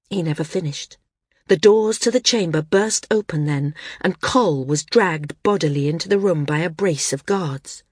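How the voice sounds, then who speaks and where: Low husky woman reading a novel. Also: a little mellow, no room sound, studio quality. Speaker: audiobook narrator. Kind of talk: scripted narration.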